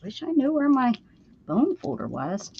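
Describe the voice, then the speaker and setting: Her voice sits high, mellow with a breathy edge, very animated yet unhurried. This Pennsylvania woman hosts a laid-back crafting stream, talking with friends and laughing frequently. The downward-facing desk camera captures a slightly dull, dry sound.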